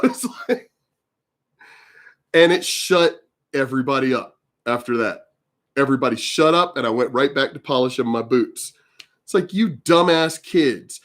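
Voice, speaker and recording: A man's voice: on the high side, fairly bright tone. A man in his fifties ranting in a commentary vlog, blunt, profane and combative as he tells his stories. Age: 50s. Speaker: video commentator.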